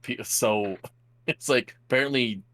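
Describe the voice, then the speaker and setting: A young man co-hosting a podcast, speaking in a low-key, casual way. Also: unhurried, sharp tone. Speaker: podcast co-host. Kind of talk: casual chat.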